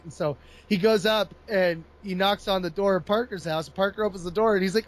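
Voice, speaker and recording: A man's voice: sits high, fast, hardly any pauses. A man in casual chat, retelling a comic book plot with lots of laughter and put-on voices. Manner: animated storyteller, laughs often.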